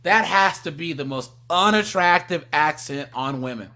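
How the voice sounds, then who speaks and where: Stream host, man, slightly high bright voice, blunt opinions, trips over words. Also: animated, normal speed. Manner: opinionated, stumbling restarts. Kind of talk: casual live stream chat.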